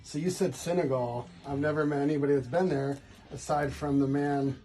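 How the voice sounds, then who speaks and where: A man's voice: fairly high pitch, fairly even intonation, a little fast, dark tone. A man in his forties, a tattoo artist, chatting casually and telling a rambling story with many restarts while he works.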